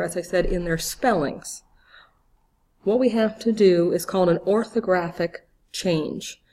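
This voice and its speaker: A woman's voice: lowish voice, a little mellow. A woman teaching a grammar lesson, speaking patiently, spelling out letters and quizzing the listener. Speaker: Spanish teacher. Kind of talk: slow, clear grammar lesson.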